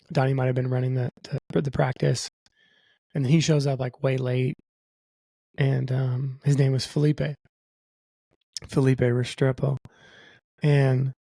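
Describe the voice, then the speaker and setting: A man's voice: medium pitch, creaky, darkish tone, no echo. A young adult man telling a long, profane story as a podcast guest, acting out what other people said in his own voice. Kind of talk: casual storytelling.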